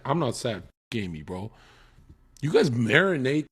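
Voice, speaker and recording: A man in heated casual chat, profane and animated, acting out quotes as he talks. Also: mid-range voice, measured pace, long pauses, slightly rough. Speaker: podcast guest.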